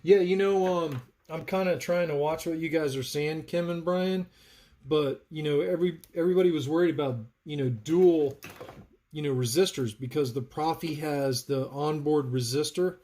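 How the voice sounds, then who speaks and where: A man's voice: a little high, steady tone, normal speed, dark tone. Man, live-stream builder, chats through a soldering demo while reading viewer comments. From North Carolina, US. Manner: chatty, narrates work while answering viewers. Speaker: livestream host, saber builder. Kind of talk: live soldering tutorial chat.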